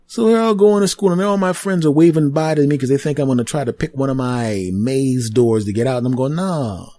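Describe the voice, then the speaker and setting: A man's voice: mid-range voice, a little fast, dark tone. A man hosting a podcast, telling a comic story from his school days and acting out the people in it. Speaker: podcast host. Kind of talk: comedic storytelling monologue.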